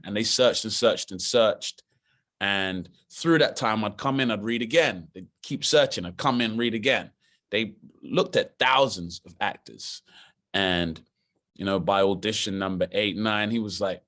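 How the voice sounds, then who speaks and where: A young man with a London accent, an actor telling lively stories in a casual interview. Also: on the low side, moderate pace. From Britain. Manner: animated, laughing storyteller. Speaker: actor guest.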